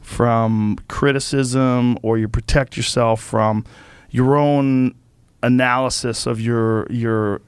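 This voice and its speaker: A man's voice: medium pitch, takes it slowly, clear, resonant tone, dry recording. A man hosting a podcast in casual chat, swearing freely and acting out voices when telling stories. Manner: profane, animated, acts out voices in stories. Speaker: podcast host. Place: podcast studio.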